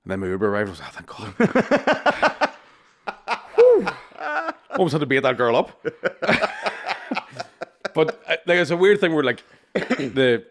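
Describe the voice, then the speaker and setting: A man, co-hosting a podcast in relaxed, swear-filled banter. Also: mid-range voice, normal speed, long pauses. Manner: laid-back banter, frequent "aye" backchannels, swearing. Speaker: podcast co-host. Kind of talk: casual chat.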